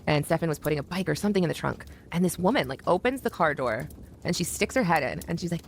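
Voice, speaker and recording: A woman's voice: on the low side, lively intonation, quick pace, a bit bright, slight background noise. A woman talking openly as an interview guest, rambling a little with many fillers. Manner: open, rambling with frequent fillers. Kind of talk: candid interview talk.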